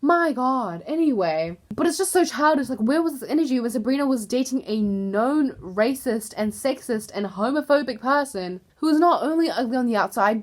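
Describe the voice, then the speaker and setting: Chatty young woman with a high voice. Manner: chatty, frequent "like" fillers, exasperated asides. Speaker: YouTuber. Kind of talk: casual gossip vlog.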